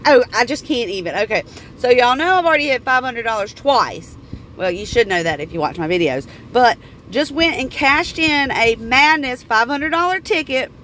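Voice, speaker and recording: A woman, excitedly vlogging to her viewers and squealing over her wins. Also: on the high side, moderate pace, a little hiss or hum. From Florida. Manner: squealing, bubbly, talks to viewers as y'all. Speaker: lottery vlogger. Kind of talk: excited casual vlog.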